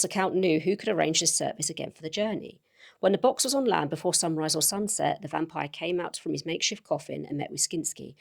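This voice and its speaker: A woman playing through a gamebook, reading it aloud briskly and steadily with casual asides between choices. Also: sits low, vocal fry, husky. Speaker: gamebook player. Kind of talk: reading a gamebook aloud with own play comments.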